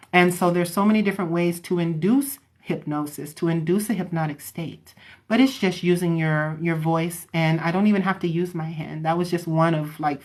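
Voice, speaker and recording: A woman hypnotherapist chatting casually with her viewers, explaining how she works. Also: fairly low pitch. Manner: chatty, loose, talks straight to viewers; slows down and softens her voice when demonstrating.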